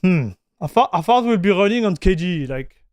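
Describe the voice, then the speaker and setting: Male streamer, casual chat host; raised pitch, close dry mic. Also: expressive, brisk, darkish tone, no room sound. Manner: chatty, greets viewers, reads chat aloud; frequent restarts and fillers.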